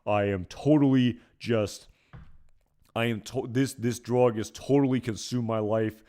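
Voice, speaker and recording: A man's voice: medium pitch, fairly even intonation, a little slow, dark tone. A man giving casual episode commentary, rambling and hesitant with many fillers. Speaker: video commentator.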